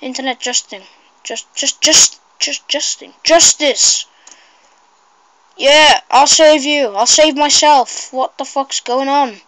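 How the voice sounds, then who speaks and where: A woman with a high voice chats through a video game at an unhurried pace. She rambles and breaks into excited shrieks at every crash. The sound is dry and close, with no room around it. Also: no room sound, low-quality recording. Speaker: gameplay commentator. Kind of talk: casual gameplay commentary.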